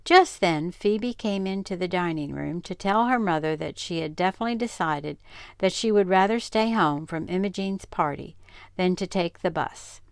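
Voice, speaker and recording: An older woman reading a children's storybook aloud, expressive and animated, with a lowish voice and lots of lilt. A gravelly edge runs through her voice, and the recording is close and dry. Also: moderate pace, dry recording.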